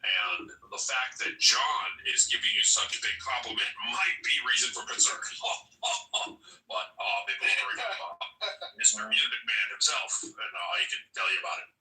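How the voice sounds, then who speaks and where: A man's voice: lowish voice, sing-song, moderate pace, pushed and bright. A man hosting a casual chat, joking and rambling. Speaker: host. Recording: echoey, distant mic.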